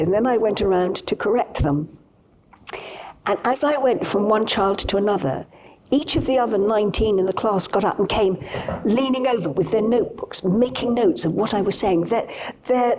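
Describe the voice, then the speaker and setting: A woman's voice: medium pitch, slight background noise, rough recording. Older British woman recounting a story. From Britain. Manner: animated anecdotal telling with quoted dialogue and frequent restarts. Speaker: guest, TV journalist. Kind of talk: conversational storytelling. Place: on stage at a live event.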